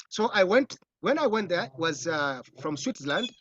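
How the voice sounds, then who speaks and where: A man with a Ugandan accent, a film director, telling lively stories in an interview and acting out other people's voices. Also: high voice, normal speed, dry recording. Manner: animated storytelling, acts out voices, laughs often. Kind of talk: casual interview answers. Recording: dull, muffled audio.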